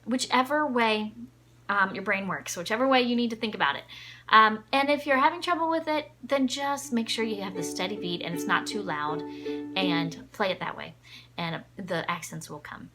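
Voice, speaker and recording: A woman's voice: mid-range voice, moderate pace, bright, forceful tone, faint music behind. A woman teaching a ukulele lesson, patiently counting the beats aloud. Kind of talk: music lesson. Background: ukulele playing.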